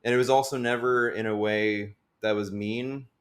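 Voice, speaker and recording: Male comedian guest, lower voice, rambling casual podcast talker. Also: steady tone, moderate pace. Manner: rambling, many filler likes, laughs often.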